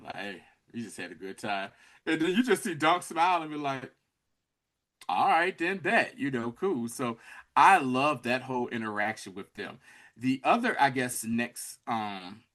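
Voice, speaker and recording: Animated man recapping a show. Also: mid-range voice, moderate pace. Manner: animated storytelling, acts out characters' lines. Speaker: podcast co-host. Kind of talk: casual recap chat.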